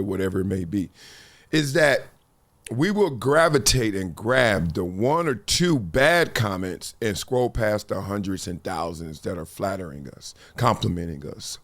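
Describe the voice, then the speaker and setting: A middle-aged man hosting a talk show, telling stories in a slangy, animated way and acting out quotes. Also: fairly low pitch. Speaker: podcast host. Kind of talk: casual talk-show commentary.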